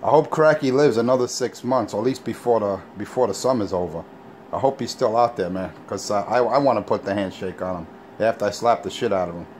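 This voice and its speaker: A man's voice: fairly low pitch, brisk, darkish tone, a little hiss or hum. A man hosting an online talk show, taunting and mocking someone in a profane way. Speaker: show host. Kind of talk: casual mocking chat.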